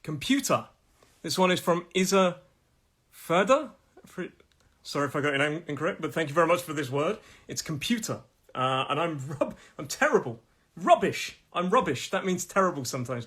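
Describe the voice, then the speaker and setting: A middle-aged man from England leads a live pronunciation lesson, his voice sitting a little high for a man. He chats freely, says each word slowly several times, and sounds as though he is losing his voice. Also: bright, forceful tone. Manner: chatty, repeats each word slowly, laughs at own jokes. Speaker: pronunciation teacher.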